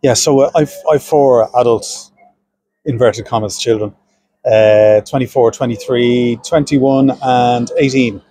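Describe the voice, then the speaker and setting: A man's voice: mid-range voice, fairly even intonation, a little slow, dark tone, slightly rough, rough recording. A middle-aged Irish man, a senator, speaking earnestly in an interview with frequent restarts and fillers. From Ireland. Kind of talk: political interview.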